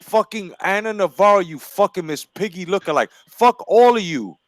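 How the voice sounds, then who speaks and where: A man's voice: sits high, expressive, normal speed, dry recording. A man co-hosting a podcast, ranting crudely and with heat about celebrities, full of profanity. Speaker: podcast co-host.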